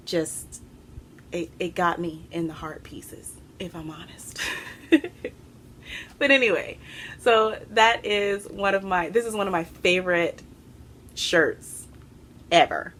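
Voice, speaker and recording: A woman's voice: lowish voice, takes it slowly, long pauses, slight background noise. Chatty, breathless woman podcaster. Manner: chatty and excitable, with fillers. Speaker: podcast host. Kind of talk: casual chat to camera. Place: home room.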